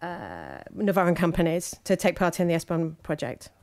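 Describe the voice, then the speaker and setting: A lower-pitched woman voicing a conference speech in live interpretation. She fills gaps with frequent ums and uhs and breaks her sentences into short, halting pieces. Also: big pitch swings, vocal fry, a little mellow. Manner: hesitant, frequent fillers and halting phrases.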